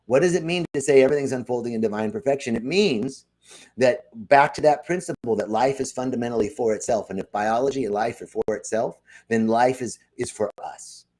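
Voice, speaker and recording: A spiritual speaker from a wellness center gives an inspirational talk on a live stream, telling lively stories and addressing viewers directly. His voice is mid-range and fairly quick.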